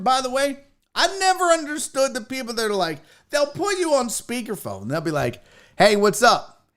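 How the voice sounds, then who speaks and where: A man hosting a casual show, ranting comically and profanely about pet peeves while reading viewer comments. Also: high voice. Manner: profane, exasperated, animated storytelling. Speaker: show host.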